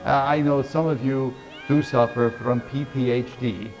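A man's voice: mid-range voice, steady tone, moderate pace, a little mellow, muffled recording, faint music behind. A man playing a hammy vampire horror host. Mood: campy. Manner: corny punchlines with laughs. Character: campy vampire count, jokey and hammy.

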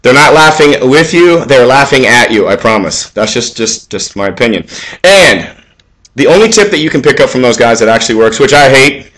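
A forty-year-old man speaking at an everyday middle pitch in a loose, rambling monologue. He trips over restarts and fillers, drops casual profanity, and climbs in pitch and volume whenever he starts handing out advice. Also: lively intonation, normal speed. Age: 40s. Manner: gets louder and higher when ranting with advice. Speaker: vlog host.

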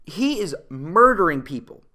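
A movie reviewer ranting casually about a film, profane and exasperated, laughing often and getting loud at times. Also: medium pitch, measured pace. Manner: animated, rising to loud outbursts.

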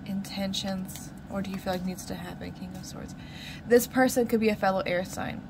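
A woman's voice: medium pitch, background noise. A woman giving a casual tarot reading, musing aloud and repeating her questions to the cards. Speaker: tarot reader.

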